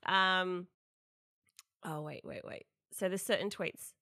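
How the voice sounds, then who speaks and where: A woman's voice: fairly low pitch, steady tone, slow pace, sharp tone, no echo. A woman co-hosting a podcast, chatting casually and giggling as she reads out tweets. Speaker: podcast co-host. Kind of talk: casual chat. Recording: dry studio mic.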